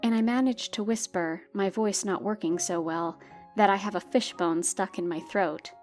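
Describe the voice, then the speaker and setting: A woman of middle pitch reads a personal story aloud in a wry, exasperated way, as scripted narration. Faint music plays softly underneath her voice. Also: moderate pace. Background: faint background music.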